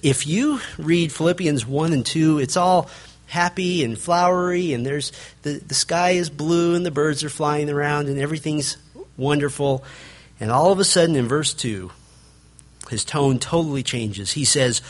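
A man's voice: fairly high pitch, normal speed. A man preaching a sermon, reading scripture aloud and acting out quotes with an earnest delivery. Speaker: pastor.

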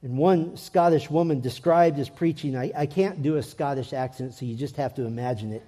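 A man's voice: medium pitch, a little fast, hardly any pauses, mellow. A man preaching a sermon in an earnest way, his voice rising and swelling when he reads scripture aloud.

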